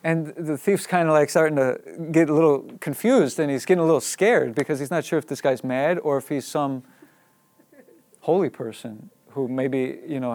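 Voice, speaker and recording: A man's voice: medium pitch, dry recording. Man telling a story, laughing often. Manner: laughing often, filler-heavy, animated. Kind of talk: casual spoken storytelling.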